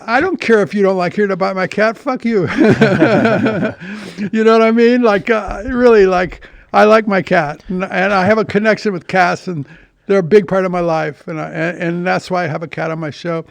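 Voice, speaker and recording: A man's voice: high-pitched, creaky, no echo. An older man hosting a podcast in casual chat, rambling with many restarts and blunt swearing. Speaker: podcast host.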